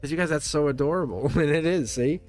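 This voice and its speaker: A man's voice: on the high side, quick pace, darkish tone, soft background music. A middle-aged man with a Boston accent doing a chatty, giggly live tarot reading and talking straight to viewers. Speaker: tarot reader.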